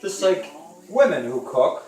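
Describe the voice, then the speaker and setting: A man's voice: sits high, very animated, unhurried, dark tone, echoey room, recorded from a distance, soft background music. A man hosting a joking home cooking demonstration, rambling with playful asides to the viewers. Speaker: home cooking show host.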